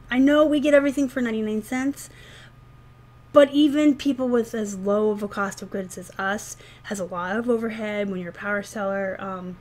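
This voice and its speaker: A woman, talking chattily and sarcastically to viewers in a rambling vlog about her reselling business. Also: medium pitch. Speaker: eBay reseller vlogger. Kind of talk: casual vlog talk.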